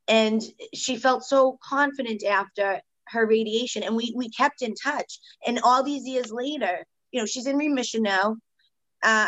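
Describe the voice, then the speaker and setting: A woman's voice: fairly high pitch, fairly bright tone, dull audio. A woman, a beauty business owner being interviewed on a podcast, talking in a chatty, heartfelt way full of "you know" fillers. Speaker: guest, permanent makeup business owner.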